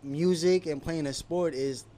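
A man's voice: on the high side, measured pace, dark tone. Laid-back young man, slangy chat. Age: young adult. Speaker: guest rapper. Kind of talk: casual podcast chat.

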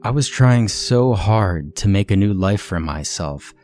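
Man narrating a creepy tale, deep voice, faint music under it. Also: measured pace. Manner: somber, steady storytelling. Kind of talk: scripted horror narration.

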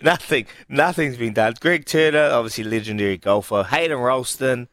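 A New Zealand man with a middle-pitched voice chatting upbeat on radio. The sound is dry and close, with no room around it. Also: moderate pace, a bit bright, no room sound. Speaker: radio co-host. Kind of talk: casual chat.

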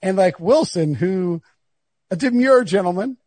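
A man's voice: high voice, animated, a little slow, warm tone, slightly rough, no echo. A man hosting a sports podcast, rambling and laughing through stories with his friends. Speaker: podcast host. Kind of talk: casual sports podcast banter.

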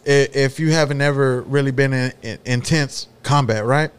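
A man's voice: mid-range voice, steady tone, normal speed, clear, resonant tone. A man with a Texan accent making an emphatic point in a casual podcast chat, repeating himself for emphasis. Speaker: podcast co-host.

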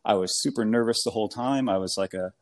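Chatty low-voiced American man. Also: fast talker, a little hiss or hum. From New England, US. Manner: rambling, animated, heavy fillers, laughs often. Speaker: guest. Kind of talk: casual storytelling chat.

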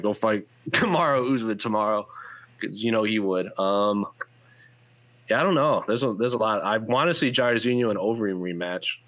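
A man's voice: on the low side, fairly bright tone. A man hosting a fight-sports podcast, rambling through lists of matchups with lots of fillers in casual chat. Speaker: MMA podcast host. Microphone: headphones and studio mic.

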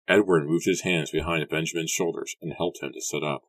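A man narrating an audiobook in an even, steady storytelling manner. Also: rumbling low, brisk, few pauses, no room sound. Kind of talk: scripted narration.

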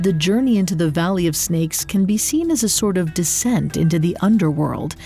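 A woman reading a scripted story in a measured, expressive narrating voice. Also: lowish voice.

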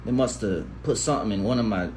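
A man hosting a casual livestream, reading viewer comments aloud and answering them in animated, profane, slangy banter into a phone. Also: fairly low pitch, fast, a little hiss or hum.

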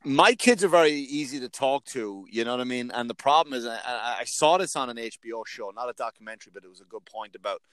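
A middle-aged man hosting a casual comedy podcast, telling animated, profane stories and acting out quotes. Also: medium pitch, fast talker, few pauses, no echo.

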